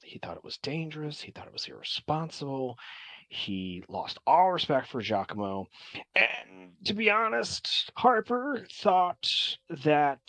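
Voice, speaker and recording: A man's voice: medium pitch, a bit bright, no room sound. A man narrating as game master in a tabletop game, talking casually with many fillers and restarts.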